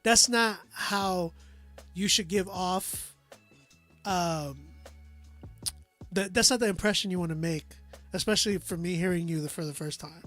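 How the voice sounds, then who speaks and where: A man's voice: high-pitched, measured pace, pauses often, a bit bright, soft background music. Laid-back man reviewing songs on stream. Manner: loose, laughing, slangy, trails off with "like". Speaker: live-stream music reviewer. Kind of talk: casual live-stream chat.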